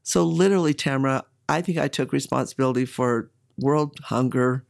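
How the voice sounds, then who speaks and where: A woman's voice: very deep voice, moderate pace, gravelly, a little mellow. A middle-aged woman candidly telling a personal story in an interview, with emotion and occasional laughter.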